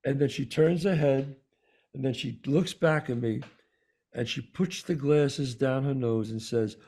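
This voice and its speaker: A man with a New York accent, co-hosting a talk show and telling a personal story in an animated way, acting out the voices of the people in it. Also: mid-range voice, a little slow. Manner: animated storyteller, acts out quoted dialogue. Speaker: podcast co-host. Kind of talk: storytelling in casual conversation.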